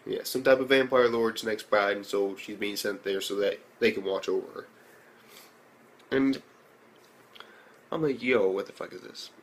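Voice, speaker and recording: A young man casually recapping and reviewing an anime episode, rambling and profane with many fillers, and excitable. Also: measured pace, pauses often, slight background noise. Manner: excitable, jumps into high reactions.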